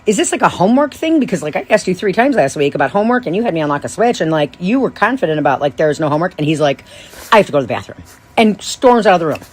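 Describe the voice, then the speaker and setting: A woman in her thirties, a podcast host, telling a rambling, animated story with many restarts and asides. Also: on the low side, racing, few pauses, breathy edge. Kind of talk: casual storytelling monologue.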